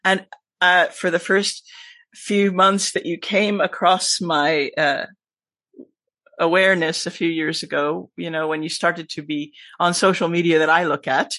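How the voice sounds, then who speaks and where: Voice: mid-range voice, measured pace, no echo. Emphatic guest, American-Scottish accent. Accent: mostly American with a Scottish tinge. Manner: lively, emphatic, frequent laughs and asides. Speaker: podcast guest, teacher. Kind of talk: casual conversation.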